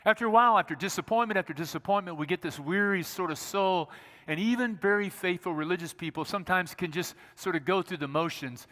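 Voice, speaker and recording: Male pastor, chatty humorous sermon, high voice, reverberant church. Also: quick pace, sharp tone. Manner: conversational, humorous storytelling. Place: church sanctuary.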